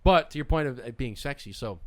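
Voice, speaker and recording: A middle-aged man hosts a podcast, telling stories in casual conversation and acting out what people said. He has a mid-range voice and talks a little fast.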